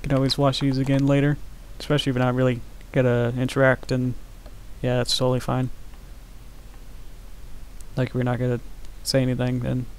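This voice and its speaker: Male animator on a live stream, monotone, middle pitch, soft and mumbly with lots of "uh"s. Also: a little fast, a little hiss or hum, rough recording. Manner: soft-spoken, mumbling, many fillers. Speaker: animator streaming his work. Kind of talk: casual live-stream chat.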